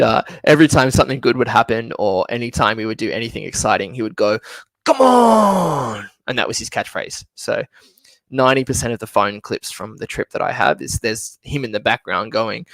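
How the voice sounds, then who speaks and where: A man's voice: on the low side, gravelly, fairly bright tone, no echo. A man giving a casual, chatty travel talk over slides in an online session, often laughing as he speaks. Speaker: travel presenter. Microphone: computer mic for an online session.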